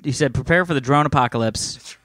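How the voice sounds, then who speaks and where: A man co-hosting a podcast in casual chat, reading listener emails aloud, laughing often and breaking into yelling. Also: mid-range voice, a little fast, no echo, studio quality. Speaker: podcast co-host.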